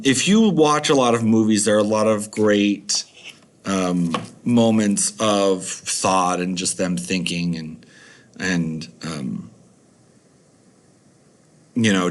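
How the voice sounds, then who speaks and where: Chatty, rambling male teacher. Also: low-pitched. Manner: rambling, chatty, frequent fillers. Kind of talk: recorded video lesson.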